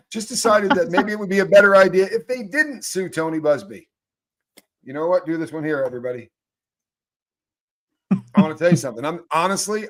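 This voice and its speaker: Joking man hosting a live morning show. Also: a little high. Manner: loud, joking, reads chat names aloud. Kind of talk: casual live-stream chat.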